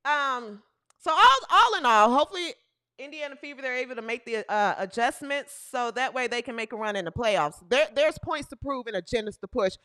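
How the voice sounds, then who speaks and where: A woman hosting a comedic women's basketball show, talking over game highlights. She exclaims, laughs often and repeats lines for emphasis. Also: expressive, fairly quick, sharp tone.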